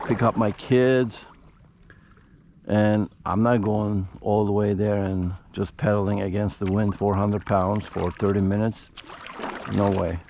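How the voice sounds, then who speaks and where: Slow-talking gravelly man on a kayak. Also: on the low side, a little mellow, a little hiss or hum. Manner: frustrated, chatty, addressing viewers directly. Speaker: fishing vlogger. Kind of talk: casual vlog commentary. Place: outdoors on a kayak on a shallow lagoon.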